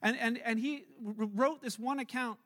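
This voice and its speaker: A male pastor preaching a sermon, telling the story in a lively way that slows and softens at solemn moments. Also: very high voice. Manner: animated, then slow and hushed.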